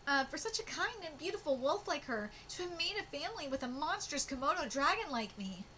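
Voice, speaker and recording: A gentle male Komodo dragon husband from a manga, read aloud by a woman in a high, plain voice. The lines come plainly, with steady noise behind. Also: a little fast, exaggerated voice. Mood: tender.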